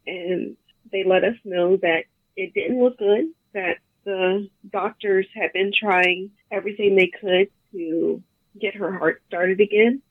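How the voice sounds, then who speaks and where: A woman, a bereaved mother, telling the story of her daughter's death haltingly as a guest in an interview. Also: medium pitch, no room sound. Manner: halting, emotional, quotes others often. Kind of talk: emotional personal account. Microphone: phone. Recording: tinny phone line.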